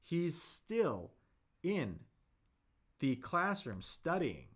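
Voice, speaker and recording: A man hosting a live-stream Chinese lesson, slowly explaining pronunciation with lots of fillers and thanking viewers in the chat. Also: on the high side, wildly swooping pitch. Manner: slow, drawn-out speech with many fillers, demonstrating sounds.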